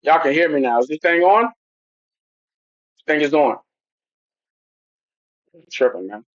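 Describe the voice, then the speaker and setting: A man hosts a casual football livestream, rambling loosely and speaking directly to his chat. His voice is fairly high, animated, and unhurried. The recording is dry, with dull lo-fi home stream audio.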